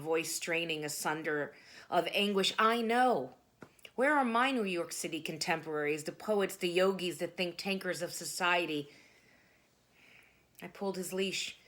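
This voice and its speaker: A woman performing spoken word poetry, dramatic and emphatic, with sudden loud bursts. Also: fairly low pitch, moderate pace.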